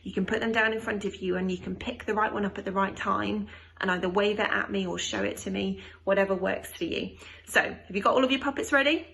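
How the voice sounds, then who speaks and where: A woman telling a Christmas story to children with finger puppets, slow, gentle and encouraging, with a repeated refrain. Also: medium pitch, little pitch movement, vocal fry, slight background noise.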